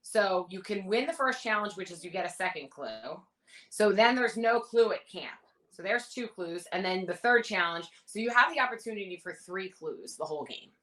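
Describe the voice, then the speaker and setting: A woman in her thirties, a reality show contestant, telling stories in a casual interview with animated, rambling detail. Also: medium pitch, moderate pace, low-quality recording. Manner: animated, rambling anecdotes with many fillers.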